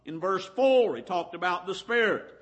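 A man preaching a Bible lesson, reading scripture and quoting at length, slowing down to stress key words. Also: high voice, lively intonation, fairly bright tone. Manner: deliberate, stretches key words slowly.

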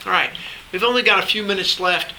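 A man's voice: high-pitched, a little fast, background noise. A man teaching a Bible class, reading scripture aloud and then explaining it in loose asides, often checking in with the class. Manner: checks in with the class by asking "all right?".

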